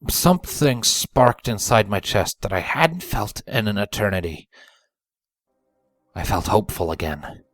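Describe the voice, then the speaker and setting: A man reading a story aloud in a fairly low voice, brooding and quiet in his narration. The sound is dry and close, with soft music underneath. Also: big pitch swings, measured pace, no room sound. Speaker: fanfiction reader.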